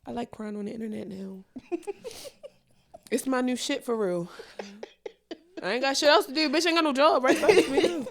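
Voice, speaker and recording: High-pitched, animated and gravelly, this young woman speaks at a moderate pace, broken by long pauses. As a podcast co-host in a candid casual chat, she talks bluntly and swears a lot.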